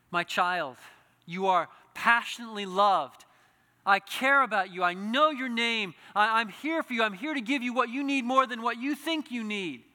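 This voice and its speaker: Bright-voiced man preaching in an echoing hall. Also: extremely high pitch. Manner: earnest, builds to impassioned pleading, many restarts. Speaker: pastor. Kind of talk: sermon. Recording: reverberant hall.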